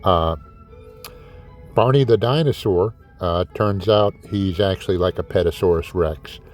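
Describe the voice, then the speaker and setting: Low-voiced swearing man ranting on camera. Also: unhurried, darkish tone, soft background music. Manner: exasperated ranting, heavy swearing; sarcastic, talks to viewers as kids. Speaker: diecast collector host. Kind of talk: casual collector vlog.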